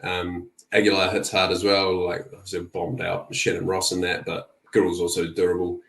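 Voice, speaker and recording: A very deep, monotone male voice breaks down fights as a podcast guest. He speaks in a relaxed way, dotted with "um" and "like." The sound bounces around an echoey room. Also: moderate pace, creaky. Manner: relaxed, lots of "um" and "like". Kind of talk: casual betting podcast chat.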